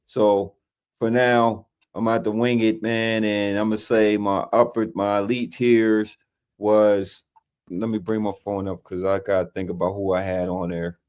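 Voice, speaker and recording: Folksy man, lower voice. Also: flat delivery, moderate pace, darkish tone, clean tone. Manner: folksy, says "man" and "y'all" constantly. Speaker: co-host. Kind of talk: casual sports picks chat.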